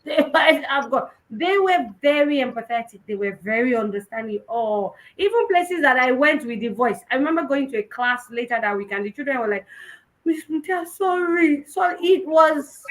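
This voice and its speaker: A young woman with a Nigerian Yoruba-tinged accent, giving an animated personal testimony at a conference and mixing in Yoruba phrases. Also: fairly high pitch, brisk, few pauses, low-quality recording. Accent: Nigerian, Yoruba-influenced English. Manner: animated storytelling, switching between English and Yoruba. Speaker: conference speaker.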